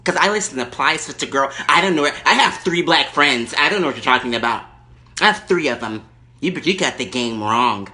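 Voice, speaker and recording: A man voicing an angry, entitled middle-aged woman on a prank phone call, loud and crude, talking over the other person. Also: medium pitch, lively intonation, a little fast, pitched below the performer's own voice. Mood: indignant.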